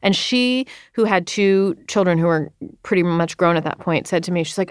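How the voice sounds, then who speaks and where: Earnest woman author, smooth dry voice. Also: on the low side, dry recording. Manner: earnest, rushed, many restarts and quoted self-talk. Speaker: author, interview guest. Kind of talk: candid interview conversation.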